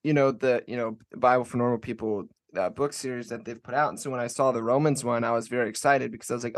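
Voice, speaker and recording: A man hosting a podcast interview in casual conversation, rambling and halting with many fillers and restarts. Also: mid-range voice, fairly even intonation. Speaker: podcast host.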